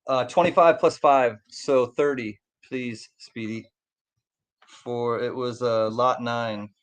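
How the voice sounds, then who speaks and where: Male co-host, mid-pitched, easygoing, stop-start phrasing. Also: fairly even intonation. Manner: halting, repeats words, easygoing. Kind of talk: casual chat about coin collecting.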